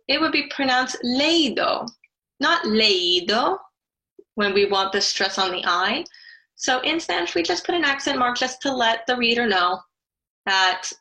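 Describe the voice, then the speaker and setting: Slow, bright-voiced woman teaching Spanish. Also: high-pitched, low-quality recording. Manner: slow, careful explanations with spelled-out letters. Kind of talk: online grammar lesson.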